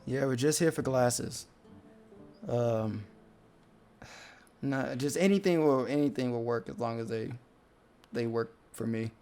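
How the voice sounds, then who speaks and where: A sensible, quietly fretting companion, as a man plays the figure at the table. The voice stays soft and low-key, with faint music behind. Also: a little slow, long pauses, lightly acted. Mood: casual.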